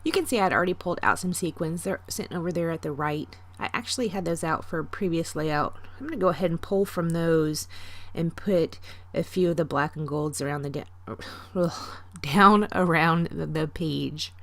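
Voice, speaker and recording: Low-voiced woman, chatty craft voiceover. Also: moderate pace. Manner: chatty, self-deprecating, rambling. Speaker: scrapbooking vlogger. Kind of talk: casual voiceover narration.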